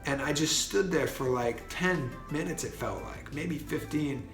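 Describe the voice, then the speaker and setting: A man's voice: a little high, measured pace, creaky. A man telling a personal story in a casual monologue, earnest and full of fillers and restarts. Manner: earnest, many fillers and restarts, grows excited. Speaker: vlogger. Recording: roomy echo with faint music.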